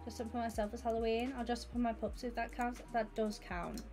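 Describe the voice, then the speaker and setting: A woman chats away to her viewers during a gaming stream, excitable and gushing. Her voice sits slightly high, and soft music plays behind her. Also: fairly quick. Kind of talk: casual live-stream chat.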